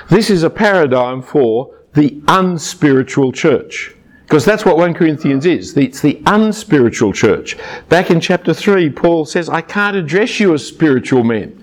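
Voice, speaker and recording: An older man giving a sermon as a Bible teacher, emphatic and argumentative, with dry asides. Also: fairly high pitch.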